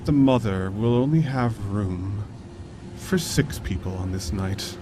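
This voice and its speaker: A man voicing a calm, creepy male cult leader who sounds on the edge of madness. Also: fairly low pitch, noisy background, voice pushed down. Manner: slow, calm and collected, quietly unhinged.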